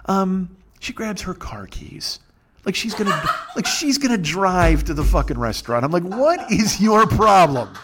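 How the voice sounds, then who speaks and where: A man's voice: sits high, big pitch swings, normal speed, background noise. A man hosting a podcast, telling a rambling, profane comic story and laughing as he goes. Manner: profane, digressive, laughs through his stories. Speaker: podcast host.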